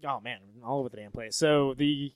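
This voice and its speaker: A man's voice: medium pitch, brisk, clear, resonant tone, no echo. A man co-hosting a podcast, chatting loosely and explaining upcoming shows. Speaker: podcast co-host, band member. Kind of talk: casual banter.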